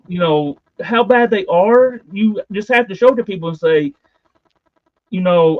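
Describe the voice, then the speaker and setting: High-voiced rambling man hosting a stream. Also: no room sound, muffled recording. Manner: hesitant, rambling with fillers. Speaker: livestream host. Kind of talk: casual chat.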